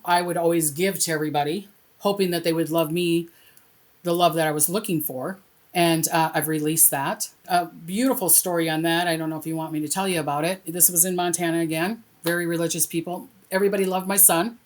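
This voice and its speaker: Animated storytelling woman, lowish voice. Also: brisk. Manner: animated, acts out quoted dialogue with lively pitch jumps. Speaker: interview guest, spiritual reader. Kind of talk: casual conversational storytelling.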